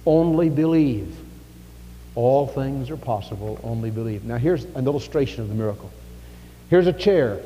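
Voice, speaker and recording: A man preaching a sermon in a church, emphatic, with dramatic pauses and big swings in volume. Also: medium pitch, warm tone, dull audio. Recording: echoey hall with faint music.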